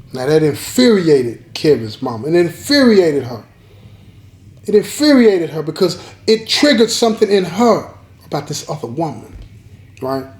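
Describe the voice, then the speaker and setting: A man telling a dramatic story to his viewers, emphatic and repeating key lines, talking straight to the audience. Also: high voice. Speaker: storyteller host. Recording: roomy echo.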